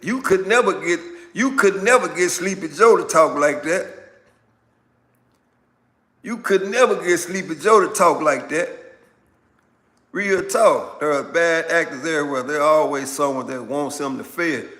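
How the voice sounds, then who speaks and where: A man hosts a live stream and reacts to viewer comments in a loose, animated way, often repeating himself for emphasis. He speaks slowly in a bright, slightly raised voice. The room carries a long reverb. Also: on the high side. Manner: animated, repetitive, talks back to viewers. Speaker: livestream host. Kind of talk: casual political commentary reading chat.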